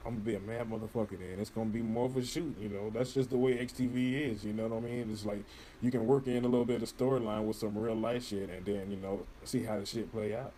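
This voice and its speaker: A man's voice: lowish voice, fairly even intonation, fast talker, warm tone, slight background noise. Rambling, profane man telling stories. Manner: rambling, profane, heavy on "you know" fillers. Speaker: podcast guest. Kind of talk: casual interview chat.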